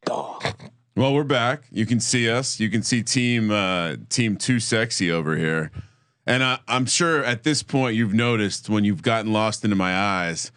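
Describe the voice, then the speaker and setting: A man's voice: lowish voice, a little slow, a bit bright, smooth, dry recording, clean studio sound. Emphatic, profane male co-host. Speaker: podcast co-host. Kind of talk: casual sports chat.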